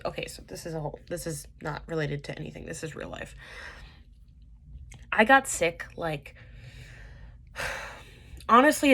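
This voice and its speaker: A woman's voice: fairly low pitch, fairly bright tone. A young woman with a stuffy nose from a cold, rambling casually in a vlog with many fillers and restarts. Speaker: vlogger reviewing dramas.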